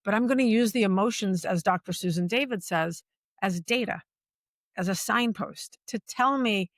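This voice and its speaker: A woman speaking as a podcast guest about workplace culture, talking in an animated, emphatic way and repeating phrases for stress. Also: mid-range voice, normal speed, no echo, clean studio sound. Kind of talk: conversational podcast interview.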